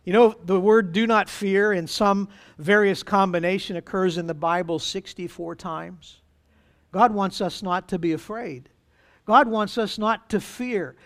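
A pastor preaching a sermon to his congregation, with dramatic pauses and acted-out quotes. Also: high-pitched, steady tone, fairly bright tone.

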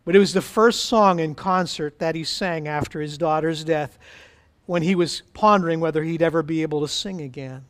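A man's voice: a little high, moderate pace. A man pastor leading prayer and preaching a sermon in an emphatic, fervent way.

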